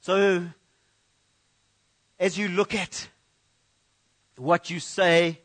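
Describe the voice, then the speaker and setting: High-voiced man preaching a sermon. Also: little pitch movement, very slow, a bit bright. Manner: conversational preaching with frequent restarts and repeated words. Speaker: pastor. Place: church.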